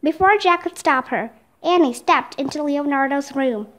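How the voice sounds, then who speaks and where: Woman reader, children's audiobook, high voice, steady. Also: normal speed.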